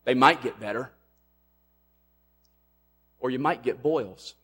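A man preaching a sermon, emphatic, rising loud on questions and dropping to a hush on key lines. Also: medium pitch, slow, slightly rough. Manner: emphatic, swings between loud and hushed. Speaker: pastor.

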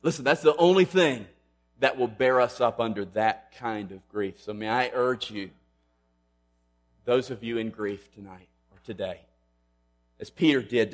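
A man preaching a sermon, emphatic, rising loud on questions and dropping to a hush on key lines. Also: mid-range voice. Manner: emphatic, swings between loud and hushed. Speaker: pastor.

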